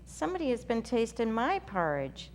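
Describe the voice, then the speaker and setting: A woman voicing a middle-sized mama bear in a mild, even way. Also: fairly high pitch, normal speed, voice pushed up. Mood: puzzled. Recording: reverberant room with faint hum.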